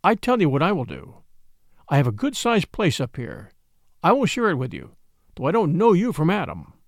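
A man voicing a grave, matter-of-fact male ship's doctor who speaks quietly and earnestly. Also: fairly high pitch, wildly swooping pitch, normal speed, no echo, studio quality, full character voice.

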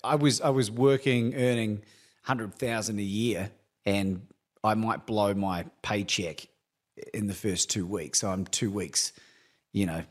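A middle-aged man, a coach speaking candidly as a guest, animated and laughing often. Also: fairly low pitch, unhurried. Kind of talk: candid conversational storytelling.

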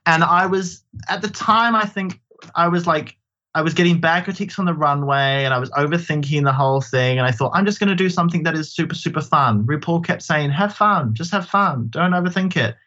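A man who performs in drag, chatting as an interview guest in an animated, self-deprecating way. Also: fairly high pitch, fairly quick, lo-fi sound. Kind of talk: casual interview chat.

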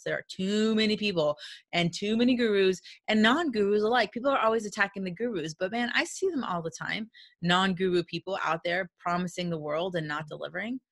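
A woman's voice: fairly low pitch, fairly bright tone. A woman business coach giving a casual motivational talk, candid and blunt, who acts out quoted dialogue and laughs often. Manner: candid and blunt, with mild swearing.

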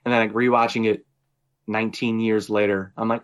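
A man's voice: on the low side, little pitch movement, a little fast. A man co-hosting a podcast in casual chat, telling a story animatedly with frequent swearing and laughter. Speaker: podcast co-host.

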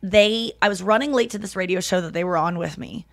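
Her voice is medium-pitched, a touch fast and carries vocal fry; she's a woman in her thirties hosting a relaxed podcast conversation. Stories pour out energetically as she performs other people's lines herself. The sound is close-miked and dry, without any echo.

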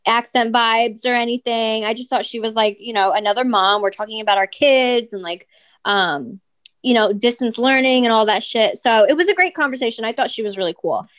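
A woman's voice: a little high, a little fast, fairly bright tone. A woman co-hosting a casual celebrity gossip podcast, chatty and full of fillers, swearing casually. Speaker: podcast co-host.

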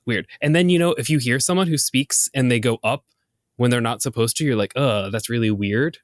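A man's voice: mid-range voice, lively intonation, fairly quick, no room sound, studio quality. A man co-hosting a podcast, chatting in a playful, nerdy, rambling way. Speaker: podcast co-host. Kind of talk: casual educational chat.

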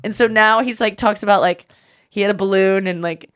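A woman podcast host and comedian telling a casual story in an animated, giggly way, full of fillers. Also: medium pitch, fairly quick, smooth.

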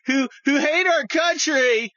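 A man voicing a gushing, excited male liberal fan, loud and high in mockery. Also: slow pace, dry recording, lo-fi sound, heavily acted.

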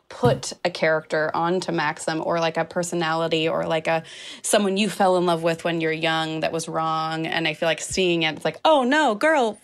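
A woman co-hosting a podcast, chatting casually about a book and film, with lots of fillers and easy laughter. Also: low voice. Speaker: podcast co-host. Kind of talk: casual book-club chat.

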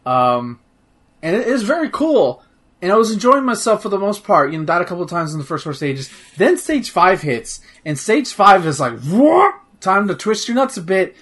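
A man's voice: high voice, sing-song, normal speed, a bit bright. Rambling casual man talking games. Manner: rambling, full of fillers and restarts, swears freely. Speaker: podcast host reviewing a video game. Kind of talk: casual chat.

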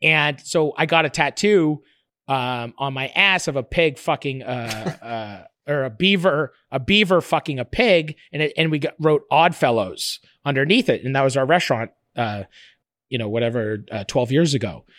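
A man's voice: medium pitch, moderate pace, dry recording. A man talking in a casual interview, rambling and profane, with frequent restarts and laughter in his stories. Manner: animated, laughs while telling stories. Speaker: interview guest, cooking show creator.

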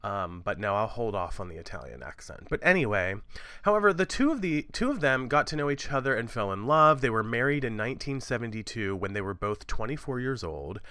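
A man in his thirties co-hosts a true-crime podcast, rambling cheerfully through his story with plenty of fillers and asides. His voice is bright and crisp, and it sits close on a dry mic with no room sound. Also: medium pitch, sing-song, brisk, dry recording. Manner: chatty, rambling with fillers and laughs. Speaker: podcast co-host. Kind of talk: casual true-crime chat.

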